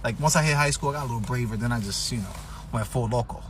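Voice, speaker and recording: A man tells a profane, comedic personal story, animatedly acting out what people said. He speaks fast at medium pitch, with slight background noise.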